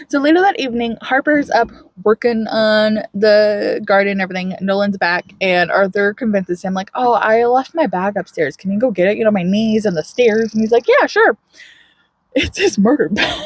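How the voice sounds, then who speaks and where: A woman's voice: mid-range voice, normal speed. A woman co-hosting a book podcast, retelling a novel's plot in casual chat and acting out the characters' lines with lots of laughter. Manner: animated storytelling with frequent laughter and acted-out quotes. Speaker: podcast co-host.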